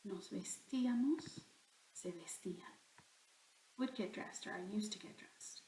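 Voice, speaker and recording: A woman's voice: mid-range voice, a little slow, mellow, echoey room, low-quality recording. A woman teaching a recorded grammar lesson, explaining patiently step by step. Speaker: Spanish teacher.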